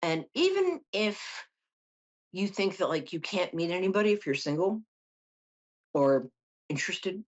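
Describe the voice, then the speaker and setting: A woman's voice: lowish voice, sing-song, a little slow, long pauses, lo-fi sound. A middle-aged woman hosting a call-in psychic show, reading tarot cards in a chatty, joking way with lots of asides. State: tired from no sleep. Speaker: psychic host.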